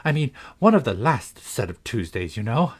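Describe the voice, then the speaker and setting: A man's voice: medium pitch, big pitch swings, normal speed, husky, voice pushed up. White Queen: a man doing a flustered, fussy old queen.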